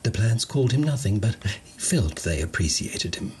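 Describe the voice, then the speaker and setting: A man's voice: lowish voice, big pitch swings, moderate pace, darkish tone, a little hiss or hum. Wry man narrating. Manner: wry, storytelling delivery. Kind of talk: scripted narration of a comedic sci-fi story.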